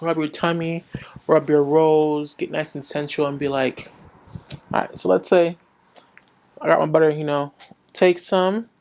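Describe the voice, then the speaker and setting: A woman's voice: sits low, fairly even intonation, unhurried, long pauses, darkish tone. A young woman speaking frankly in a casual vlog, giving blunt advice and acting out little conversations.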